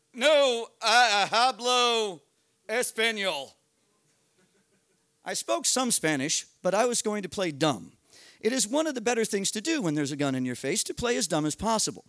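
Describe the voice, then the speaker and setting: A middle-aged American man telling a comic story at a live storytelling night, animated, profane and self-mocking, building tension with quick run-on narration. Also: sits high, no echo, clean studio sound. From United States. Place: live storytelling event at a bar.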